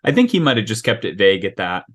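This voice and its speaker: A man acting as game master, describing a character with many ums and pauses over a video call. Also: fairly low pitch, very animated. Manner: hesitant, many ums and restarts.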